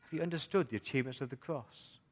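A male pastor delivers a sermon at a middle pitch. He keeps asking the congregation questions, sinks to a near-whisper at times and then builds back up with emphasis. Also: fast talker, darkish tone. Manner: asks the congregation rhetorical questions.

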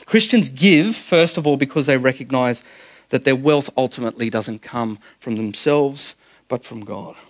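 A middle-aged man preaching a sermon as pastor, telling stories with animated energy, often repeating words and calling his listeners guys. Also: mid-range voice, a little slow.

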